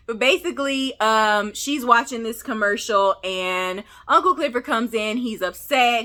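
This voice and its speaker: A woman from Memphis with a Southern accent, recapping a TV episode in a sassy, animated, chatty way and talking straight to the viewer. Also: a little high. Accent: Southern American. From Memphis, Tennessee. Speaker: TV recap vlogger. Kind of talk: casual recap chat.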